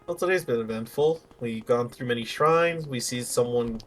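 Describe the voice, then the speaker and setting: A man's voice: medium pitch, normal speed, fairly bright tone. A man joining a let's play as co-player, chatting playfully and going off on tangents. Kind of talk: casual gameplay chat.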